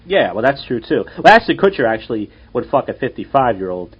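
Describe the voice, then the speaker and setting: A young man hosts a casual podcast, rambling through profane stories. He talks fast in a husky voice. The audio is dull and lo-fi. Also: mid-range voice, sing-song. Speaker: podcast host and comedian.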